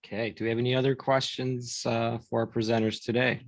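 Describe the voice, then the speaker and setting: A man hosting an online library workshop, relaxed as he thanks the presenters and wraps up. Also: medium pitch, fairly quick, no echo, rough recording. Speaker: library program host. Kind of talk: closing a live online workshop.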